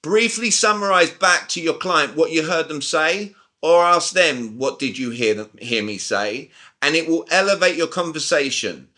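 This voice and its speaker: British male sales coach, 40s, somewhat high and forceful, on a video call. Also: expressive, moderate pace. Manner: emphatic, talks straight to the group with questions. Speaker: communication coach. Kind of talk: live online sales training.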